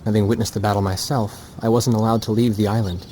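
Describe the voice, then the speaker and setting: An actor playing an earnest young pilot who narrates calmly and reflectively in a game cutscene. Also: male voice, lowish voice, fast, a little hiss or hum, close to an everyday voice.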